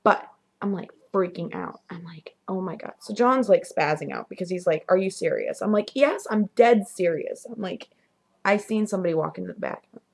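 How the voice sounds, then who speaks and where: A young woman casually telling her own ghost stories to the camera in a vlog, animated, dropping to whispers at the spooky moments. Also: on the low side, a little fast, vocal fry, husky. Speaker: vlogger. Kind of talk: casual storytelling.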